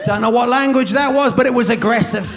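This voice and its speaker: A male stand-up comedian telling a story on stage with an animated delivery and sudden loud shouts, recorded on a handheld mic. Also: very high-pitched, fairly quick. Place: comedy stage before a live audience. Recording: live show with crowd laughter and hum.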